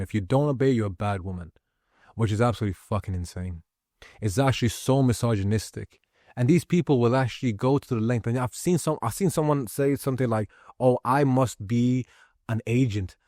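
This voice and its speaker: A man vlogging in a heated personal monologue, ranting forcefully and swearing a lot. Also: mid-range voice, quick pace, no room sound, clean studio sound.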